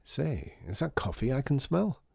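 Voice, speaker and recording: A man voicing a cheerful, smooth-talking, disgraced male former store owner who speaks low and unhurried. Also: big pitch swings, a little mellow, no room sound, studio quality, full character voice. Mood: relishing.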